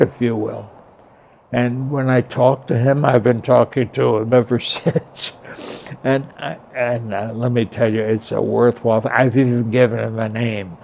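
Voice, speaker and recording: A man tells a personal story at an unhurried, drawn-out pace. His voice is gravelly and creaky at the edges. He rambles, stops and restarts, and raises his voice when he quotes what he said. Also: mid-range voice, darkish tone, a little hiss or hum. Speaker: doctor recounting a near-death experience.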